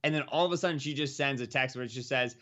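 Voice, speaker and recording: A young man co-hosting a podcast, casually telling a self-mocking story that grows animated. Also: mid-range voice, very fast, lo-fi sound. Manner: animated, self-mocking, rising to laughing exclamations. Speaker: podcast co-host.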